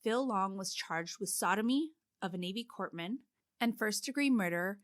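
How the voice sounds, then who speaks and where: A woman's voice: medium pitch, expressive, moderate pace, no room sound, studio quality. A woman co-hosting a casual podcast, steadily walking her listener through a case with frequent "like" fillers. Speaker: podcast co-host telling the case. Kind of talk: casual true-crime podcast narration.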